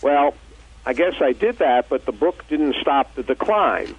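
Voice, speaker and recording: A man's voice: mid-range voice, lively intonation, breathy edge. Older man on a tinny phone line. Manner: measured, thoughtful explaining. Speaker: author guest. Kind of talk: phone interview. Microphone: telephone.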